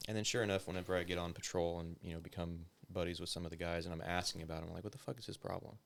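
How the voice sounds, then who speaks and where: Low gravelly man telling a story. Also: flat delivery, very fast, fairly bright tone. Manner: loose and profane, heavy use of filler words. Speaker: interview guest, former police officer. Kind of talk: casual conversational storytelling.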